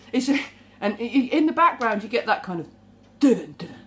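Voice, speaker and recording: A woman talking to camera in a rambling, animated monologue, swearing now and then. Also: on the high side, moderate pace. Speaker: vlogger.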